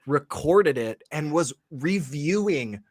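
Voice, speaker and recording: A man's voice: a little high, animated, slow pace. A man hosting a live online talk show, reacting to a clip with incredulous sarcasm and frequent laughter. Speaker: host. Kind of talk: casual live chat reacting to a video.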